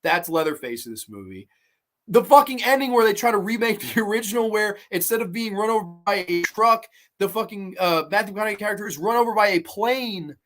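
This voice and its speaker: Male streamer, casual horror-review host, swears freely, excitable, banters with chat. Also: sits high, brisk. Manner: profane, excitable, reacts to chat. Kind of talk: casual livestream commentary.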